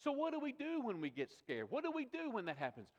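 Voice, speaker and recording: A man's voice: very high-pitched, wildly swooping pitch, fast talker, highs cut off. A male pastor preaching a sermon, emphatic and repetitive, asking rhetorical questions of his congregation. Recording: long reverb of a large hall.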